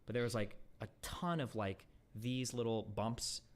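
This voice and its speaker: A man talking casually on a livestream, rambling with lots of fillers and swearing, blunt and exasperated. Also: medium pitch. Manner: rapid, rambling, profane, heavy fillers. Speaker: streamer.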